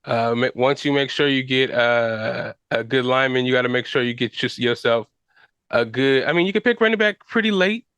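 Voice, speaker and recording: A man's voice: medium pitch, normal speed, fairly bright tone, clean tone, no room sound. A man hosting a podcast, talking football casually in slang with fillers and restarts. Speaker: podcast host. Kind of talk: casual sports chat.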